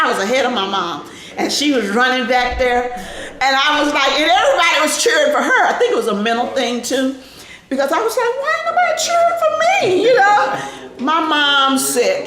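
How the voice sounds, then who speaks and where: An older woman animatedly telling a family story in an interview, laughing often and acting out the voices of people in it. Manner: lively, laughing, acts out voices in high shouts. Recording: echoey room with faint noise.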